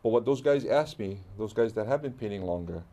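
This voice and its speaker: A man's voice: fairly low pitch, lively intonation, a little fast, dark tone. A middle-aged man from Hawaii with a Hawaiian accent, animatedly telling stories in a casual interview and acting out the dialogue. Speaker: guest artist.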